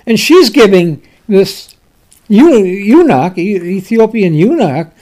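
A man delivers a sermon at an unhurried, deliberate pace. His voice is soft and mellow. He speaks emphatically, pausing for effect and swinging between loud bursts and hushed asides. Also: high voice, big pitch swings. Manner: reads scripture in King James wording. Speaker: preacher.

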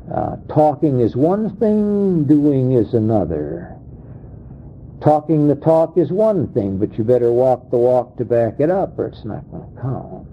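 A male preacher delivering a sermon with an unhurried, drawn-out delivery and a slightly husky, breathy tone. His voice rides up and down dramatically, leaping higher as he acts out the people he quotes. The recording is dull and lo-fi. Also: big pitch swings. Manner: dramatic, acting out quoted voices with sharp swings in pitch and pace. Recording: dull lo-fi sound.

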